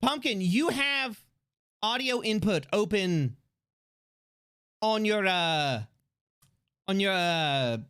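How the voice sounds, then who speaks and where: Animated man chatting on a live stream. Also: high voice, slow pace, pauses often, clear, resonant tone. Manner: excitable, swearing, confused rambling with restarts. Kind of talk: casual live-stream chat.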